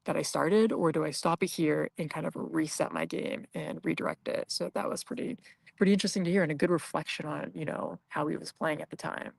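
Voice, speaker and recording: A man's voice: a little high, fairly quick, vocal fry, slightly rough, no echo. A man co-hosting, chatting casually about a reality game, thoughtful and full of fillers. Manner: thoughtful, many fillers like "you know" and "kind of". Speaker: co-host of the broadcast. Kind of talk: casual commentary chat.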